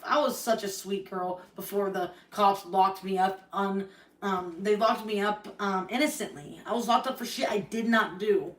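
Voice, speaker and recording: A woman's voice: medium pitch, far from the mic. A young adult woman on a live stream, ranting in a heated, profane and rambling way. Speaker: livestreamer. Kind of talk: angry live-stream rant. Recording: roomy echo, voice off-mic.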